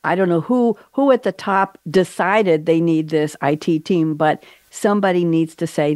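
A woman's voice: deep voice, normal speed, few pauses, a little mellow, dry recording. A woman hosting a panel show, chatty and playful, with joking asides. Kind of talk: casual moderated panel talk.

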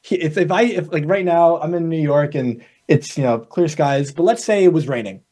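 A man who works as a coach, a guest on a podcast, explaining ideas through lively acted-out dialogues. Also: on the high side, normal speed. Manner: animated storyteller acting out little dialogues. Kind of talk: conversational interview.

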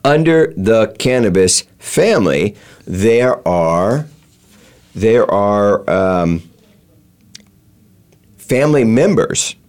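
A man's voice: fairly low pitch, expressive, extremely slow, long pauses, a little mellow. A man hosting a talk show, explaining step by step with many fillers and restarts. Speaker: show host. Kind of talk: explanatory chat.

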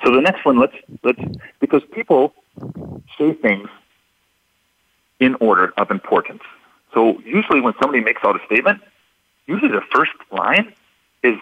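A man's voice: medium pitch, husky, dry recording, narrow, tinny audio. A man explaining clues in how people speak, as an interview guest, in a patient and methodical way that repeats key points. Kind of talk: instructive radio interview.

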